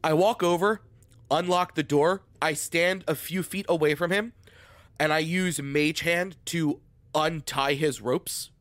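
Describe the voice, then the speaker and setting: Man, tabletop player, casual and profane, slightly high voice, dry sound. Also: steady tone, unhurried, a bit bright, dry recording. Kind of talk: tabletop role-play.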